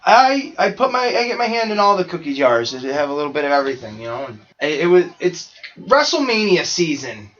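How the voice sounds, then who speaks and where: Guy on a podcast cracking jokes over live commentary, kinda high bright voice, dull lo-fi sound. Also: fairly quick. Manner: goofy deadpan bits, laughs at his own jokes. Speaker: podcast co-host. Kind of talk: joking live-watch commentary.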